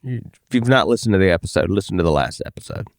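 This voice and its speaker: Low-voiced man, dry teasing. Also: lively intonation, racing, gravelly, no room sound. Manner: dry teasing, short agreeing replies. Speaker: podcast co-host. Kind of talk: casual podcast chat.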